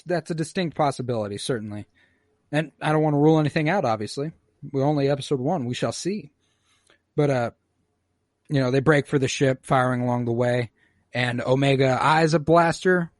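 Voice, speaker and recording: A podcast host with a medium-pitched voice recaps an episode in a relaxed, profane style, acting out the characters' lines. The studio-quality audio has no echo.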